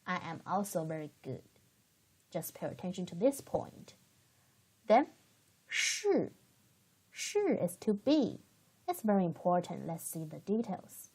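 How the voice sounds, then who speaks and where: A woman gives a beginner language lesson, speaking slowly and patiently. Her voice is slightly breathy, and her pitch rises and falls a lot as she models words for learners to repeat. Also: big pitch swings, darkish tone. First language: Chinese. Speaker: Chinese language teacher. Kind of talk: slow, careful language lesson.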